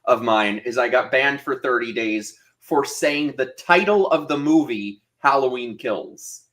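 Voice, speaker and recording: A man's voice: medium pitch, a little slow, fairly bright tone. A man appearing as guest co-host on a live show, talking casually with sarcastic, ranting energy. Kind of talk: casual live-stream chat.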